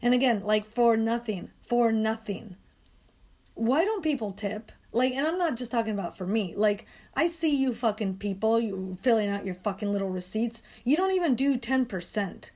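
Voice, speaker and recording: A woman rants in a hoarse, sandpapery voice, swearing constantly as she vents. Her talk is exasperated and restless, with sudden flare-ups into loud, sharp complaint. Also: a little high, expressive, normal speed. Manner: profane, ranting, exasperated. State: hoarse, strained voice. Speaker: dog walker and coach. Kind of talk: angry venting monologue.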